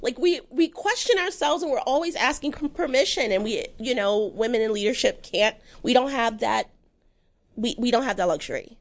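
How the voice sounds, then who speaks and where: A woman talking casually as an interview guest, animated and self-deprecating, often jumping into high mimicking voices. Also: moderate pace.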